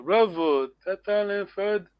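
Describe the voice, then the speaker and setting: A man's voice: high-pitched, measured pace, muffled recording. A man teaching a language class online, encouraging students and repeating words often.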